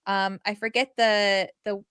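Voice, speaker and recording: Woman co-host, mid pitch, chatty and rambling, close dry mic. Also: unhurried, smooth, dry recording. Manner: animated, rambling with many fillers. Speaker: podcast co-host. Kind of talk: casual chat.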